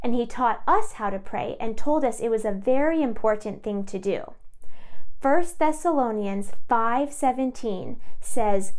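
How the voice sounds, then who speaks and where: A woman teaching music to young children, talking slowly and cheerfully and singing simple songs with them. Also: on the high side, lively intonation, darkish tone. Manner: slow, cheerful and encouraging, talking to small kids. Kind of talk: sing-along lesson for young children.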